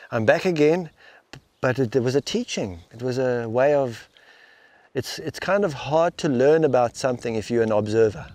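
A man being interviewed as a spiritual teacher. He speaks reflectively and haltingly, restarting and repeating words as he works through his thoughts. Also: medium pitch, dry recording. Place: outdoors in the rain.

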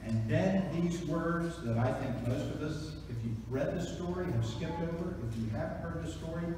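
A man preaching an Easter sermon, dropping to hushed tones and then rising to excited shouts. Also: on the high side, moderate pace, background noise. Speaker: pastor. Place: large church sanctuary. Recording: echoey church hall from far off.

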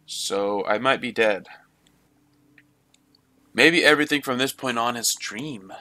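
A man's voice: mid-range voice, measured pace, bright, forceful tone. A man giving running let's play commentary on a game, swearing often and talking to himself and at the game. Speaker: gamer.

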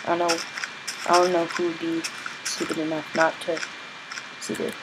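A man's voice: a little high, monotone, normal speed. Male gaming host, casual commentary, rambling, exasperated outbursts, noisy recording with clicks. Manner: rambling, chatty, bursts of exasperated yelling. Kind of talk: casual video game commentary.

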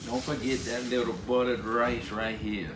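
A man's voice: medium pitch, little pitch movement, moderate pace, very noisy. Laid-back Cajun man cooking, echoey. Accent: Cajun Louisiana. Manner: laid-back drawl, says "dude" a lot. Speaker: cooking channel host. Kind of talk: cooking video narration.

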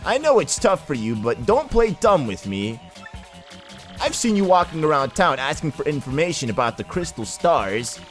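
A man's voice: a little high, big pitch swings, normal speed, a bit bright, soft background music. Man playing a smug game villain, talks down to everyone, voice jumps around a lot. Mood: taunting. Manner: taunting, condescending. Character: sneering pompous male villain commander.

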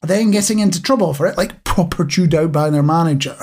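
A man's voice: a little high, a little fast, darkish tone. A man co-hosting a casual chat podcast, talking to listeners directly with wry, dry humour. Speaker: podcast co-host.

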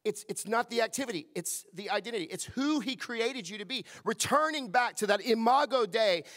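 A middle-aged man preaching a sermon, leading call-and-response and hushing his voice for quoted lines. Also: sits high. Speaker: pastor. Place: church service.

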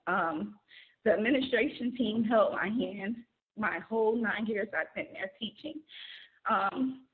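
A woman teacher accepting an award over a video call, emotional and close to tears, speaking haltingly with pauses. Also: medium pitch. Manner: hesitant, many pauses. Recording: tinny phone-like line.

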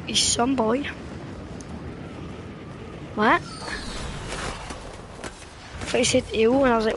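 High-voiced woman bantering through a game. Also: slow pace, pauses often. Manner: playful trash talk, bursts of excited shouting. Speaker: gamer streaming with friends. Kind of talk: casual gameplay chat. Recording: noisy background.

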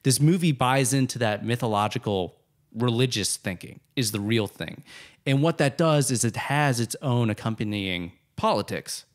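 A man's voice: mid-range voice, expressive, moderate pace. A man co-hosting a film podcast, talking through a movie in an analytical, academic way. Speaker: podcast co-host. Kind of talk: film commentary chat.

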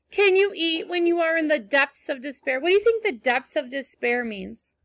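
Woman teacher reading to kids, high voice w some fry, encouraging, asks lots of questions. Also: fairly bright tone, dry recording. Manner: encouraging, questioning, slow emphasis. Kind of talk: read-aloud story with teaching asides.

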